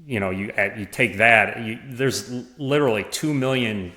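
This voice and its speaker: A man talking as a podcast guest, in a halting way with many restarts and small laughs. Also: fairly low pitch, bright, forceful tone. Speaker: podcast guest, former parish administrator. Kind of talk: casual conversation. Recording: roomy echo.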